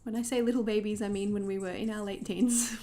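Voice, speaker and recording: A woman's voice: medium pitch, fairly even intonation, a little fast, warm tone. Chatty young Australian woman livestreaming. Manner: chatty, answers chat, laughs often. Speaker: journaling livestream host. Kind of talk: casual livestream chat while painting.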